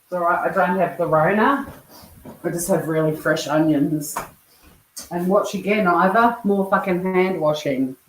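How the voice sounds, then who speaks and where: Cooking in a roomy home kitchen, a chatty Australian woman hosts a casual livestream, swearing freely and answering viewers' comments as they arrive. Her voice sits a little low and unhurried, bouncing around the room with a faint hiss behind it.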